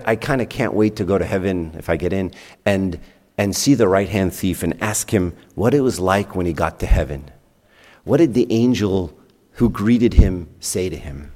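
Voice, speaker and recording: Male priest, low voice, conversational sermon, long church reverb. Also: moderate pace, darkish tone. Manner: conversational, uses rhetorical questions and acted-out dialogue.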